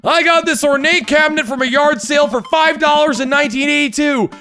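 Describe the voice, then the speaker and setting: A man putting on the voice of a loud hard-selling pitchman describing an antique he bought. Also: brisk, soft background music, heavily acted. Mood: bombastic. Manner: shouting, hard-sell pitch.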